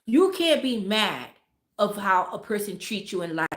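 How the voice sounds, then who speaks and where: A woman's voice: mid-range voice, sing-song, unhurried, echoey room. A woman hosting a livestream, giving blunt, heavily profane relationship advice to her viewers and repeating words for emphasis. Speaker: livestream host talking to viewers. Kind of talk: casual livestream advice talk.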